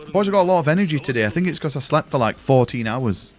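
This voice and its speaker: A young man chatting casually with his live-stream audience from his room, rambling and swearing freely. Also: fairly high pitch. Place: home room.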